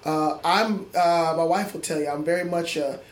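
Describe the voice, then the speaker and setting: A man's voice: a little high, moderate pace, a little hiss or hum. A man, a middle school music teacher, talking earnestly and reflectively in an interview, often restarting his sentences. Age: adult. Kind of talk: interview conversation. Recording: echoey room with faint ambience.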